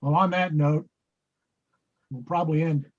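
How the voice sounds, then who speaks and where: A man's voice: fairly high pitch, steady tone, normal speed, highs cut off. A man hosting a club meeting, wrapping up and announcing next week with hesitant fillers. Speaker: meeting host. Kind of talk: closing announcements.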